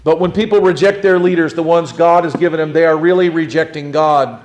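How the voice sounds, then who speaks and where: A middle-aged pastor preaching a sermon, his voice sitting a little high for a man. He pushes some lines out loud and drops others to a low hush. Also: fairly even intonation, a little fast, muffled recording. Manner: preaching with swings between loud emphasis and quiet low lines.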